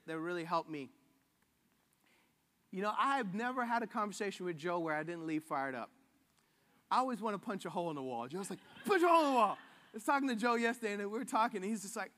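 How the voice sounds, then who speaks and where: A man gives a laid-back, joking sermon and slips into little voices for the people he quotes. His voice sits high for a man. A long reverb trails each phrase, as in a big hall. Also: lively intonation, a little fast, pushed and bright. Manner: casual and jokey, acting out quoted voices. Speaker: pastor.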